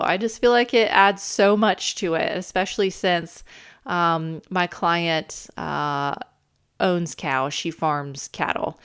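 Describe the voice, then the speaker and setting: Young female DIY host, enthusiastic and casual, smooth low-pitched delivery. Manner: chatty, many ums, enthusiastic. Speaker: channel host, camper renovator. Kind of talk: casual voice-over narration.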